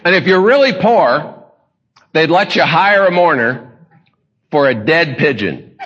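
A man's voice: a little high, sing-song, a little slow, a bit bright, in a large hall, lo-fi sound. A man preaching a humorous sermon, telling stories in a folksy, joking way with chuckling asides.

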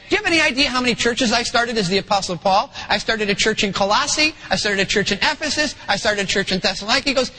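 A middle-aged man preaching a sermon, animated and acting out the voices he quotes. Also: high voice, rough recording. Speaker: pastor.

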